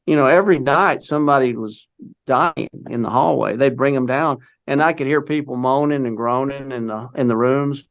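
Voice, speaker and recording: A man's voice: medium pitch, creaky, fairly bright tone. An older man, an interview guest, recounting a story in a rambling conversational way, peppered with "you know".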